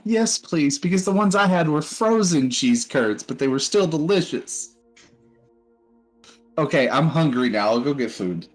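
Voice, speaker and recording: A man chatting casually during a break in a tabletop game, loose and excitable, swearing freely. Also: fairly high pitch, unhurried, faint music behind, rough recording.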